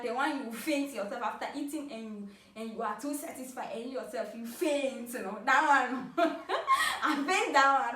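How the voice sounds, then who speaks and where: A Ghanaian woman in her twenties telling funny personal stories to camera in a playful, animated way, laughing often. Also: fairly high pitch. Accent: Ghanaian English. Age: 20s. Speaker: vlogger. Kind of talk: casual storytelling to camera. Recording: roomy, from a distance.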